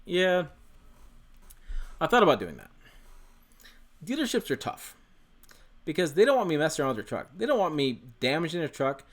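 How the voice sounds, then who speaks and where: A man's voice: on the high side, very animated, normal speed, long pauses. A man hosting a casual livestream from a home office into a desk microphone, rambling, correcting himself and swearing casually. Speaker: channel host. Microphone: desk USB microphone.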